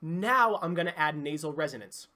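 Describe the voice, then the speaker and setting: A singing coach giving an online vocal lesson, explaining clearly and demonstrating sounds. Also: medium pitch, animated, normal speed, sharp tone.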